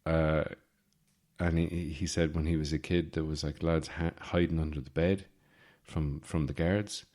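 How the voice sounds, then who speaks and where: An Irish man in his forties, hosting a podcast with a rambling, deadpan comic monologue full of fillers and restarts. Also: very deep voice, measured pace. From Ireland. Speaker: podcast host.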